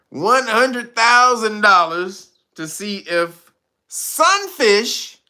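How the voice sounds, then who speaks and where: A man's voice: sits high, animated, extremely slow, sharp tone. A man hosting his own channel, giving mocking comedic commentary, laughing often and swearing freely. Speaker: channel host.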